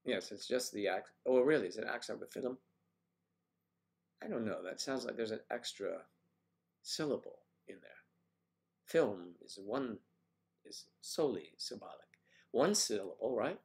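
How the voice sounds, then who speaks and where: This American livestream host speaks unhurriedly in a creaky voice with long pauses, broadcasting casually from home. Reading viewer comments, he banters in a playful, teasing way, with animated jumps in pitch.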